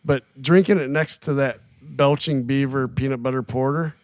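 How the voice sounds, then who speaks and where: A man co-hosting a podcast, telling stories with animated energy and frequent laughs. He is recorded close to the mic in a dry studio with no room echo. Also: mid-range voice, moderate pace. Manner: animated storyteller who laughs often and acts out quoted voices. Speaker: podcast co-host. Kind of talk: casual chat. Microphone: studio microphone, close.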